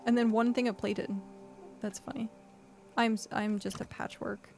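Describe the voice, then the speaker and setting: A woman's voice: fairly high pitch, little pitch movement, normal speed, darkish tone, faint music behind. A woman streaming a game, chatting casually and thinking aloud with lots of fillers. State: hiccuping. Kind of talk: casual gameplay chat.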